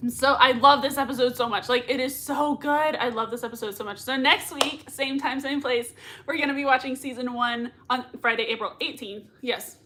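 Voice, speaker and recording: A woman's voice: sits high, steady tone, normal speed, fairly bright tone, slight background noise. A woman hosting a casual livestream, reading viewer comments aloud in a giggly, gushing way and laughing often. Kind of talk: casual live watch-party chat.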